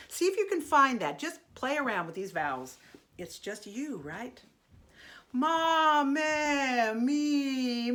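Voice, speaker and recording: A woman teaching a singing lesson, demonstrating vowels in a lively, encouraging way, sometimes half-singing them. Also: mid-range voice.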